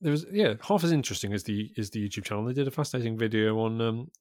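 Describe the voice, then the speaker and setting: A man's voice: on the low side, animated, racing, darkish tone, no room sound. A man, co-hosting a podcast in casual chat, rambling and hesitant with dry understatement. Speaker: podcast co-host.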